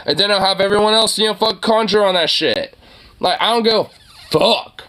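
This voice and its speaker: Young male co-host, bright tone, rambling profane reaction chatter. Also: high voice, a little fast. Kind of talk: casual reaction chat.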